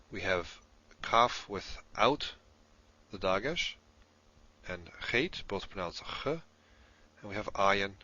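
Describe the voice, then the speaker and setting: A deep, low-pitched man talks through a lesson at an unhurried, measured pace. His tone is bright and forceful, though the audio sounds dull and lo-fi. He pauses often with ums as he explains. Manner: slow, deliberate, explanatory with frequent ums. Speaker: Hebrew course narrator. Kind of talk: recorded lesson narration.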